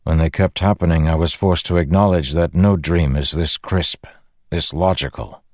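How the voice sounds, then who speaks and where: A man voicing a weathered older male warlord who speaks gravely and in a measured way. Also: low voice, fairly even intonation, a little mellow, no room sound, clean studio sound, lightly acted.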